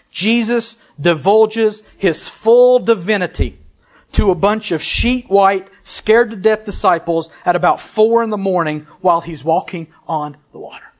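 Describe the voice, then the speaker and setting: A man with a high, light voice preaching a sermon. He reads scripture aloud with emphasis, then breaks off into casual, conversational comments to his congregation. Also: animated, a little slow. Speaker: pastor.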